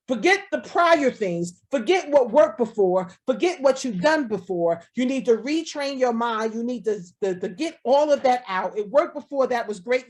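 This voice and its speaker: A woman pastor preaching a sermon over a video call, repeating lines and speaking as God in the first person. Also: fairly high pitch.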